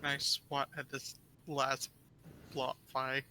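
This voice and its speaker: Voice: medium pitch, monotone, takes it slowly, bright, forceful tone, slight background noise. A player in a tabletop role-play who speaks hesitantly and gets exasperated, with some swearing.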